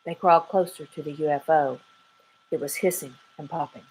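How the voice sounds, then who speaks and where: Low-voiced teacher reading a storybook. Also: female voice, steady tone, normal speed, darkish tone, a little hiss or hum, rough recording. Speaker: 3rd grade teacher. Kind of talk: children's read-aloud.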